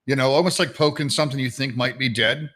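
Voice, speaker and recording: A man playing a tabletop game, describing his character's actions in an animated, rambling way. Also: medium pitch, fast talker. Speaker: player. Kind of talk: tabletop game role-play.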